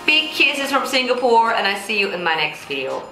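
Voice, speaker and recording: A woman vocal coach with a low contralto voice, explaining technique and breaking into sung examples. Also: very animated, normal speed, pushed and bright. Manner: explains then sings example lines. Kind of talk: singing tutorial with sung demonstrations. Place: Singapore. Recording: echoey room with faint music.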